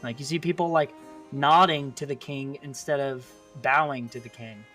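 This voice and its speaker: A man's voice: mid-range voice, fairly even intonation, normal speed, pushed and bright, faint music behind. Young man narrating as game master. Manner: descriptive, laughs easily.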